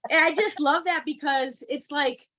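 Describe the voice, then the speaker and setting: A woman co-hosting a casual podcast, telling personal stories in an animated way and acting out what others said. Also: high voice, normal speed. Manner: animated storytelling, acts out quotes. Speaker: podcast co-host. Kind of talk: casual chat.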